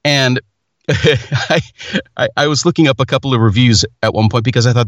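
A man's voice: mid-range voice, moderate pace, long pauses, dry recording. A man hosting a casual chat, telling rambling stories with self-mocking humor.

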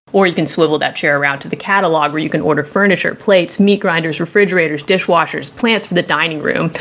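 A woman hosting a casual show, chatting animatedly and jokingly as she reviews a game. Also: fairly low pitch. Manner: animated, joking, rambling and enthusiastic. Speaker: podcast host reviewing a game. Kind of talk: casual chat.

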